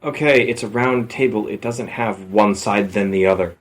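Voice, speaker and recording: A man's voice: fairly low pitch, normal speed. A man reading a bad book aloud for laughs, with sarcastic, mocking interruptions.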